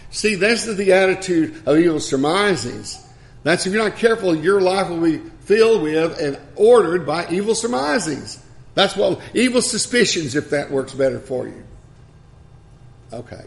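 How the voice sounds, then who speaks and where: A man's voice: high-pitched, sing-song, normal speed, creaky. An older man preaching a sermon in a conversational way, with asides and little laughs at himself.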